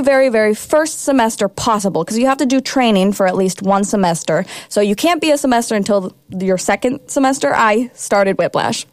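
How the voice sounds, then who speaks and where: A young woman in her twenties hosts her college radio show in the studio, her fairly high voice bubbly and emotional as she rambles casually. There is no room sound.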